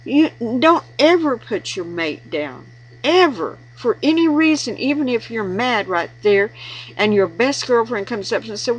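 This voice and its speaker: A woman's voice: fairly high pitch, lively intonation, a little slow, breathy edge, low-quality recording. A woman giving earnest, preachy marriage advice in an informal devotional talk, repeating words for emphasis. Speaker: Christian video blogger giving marriage advice.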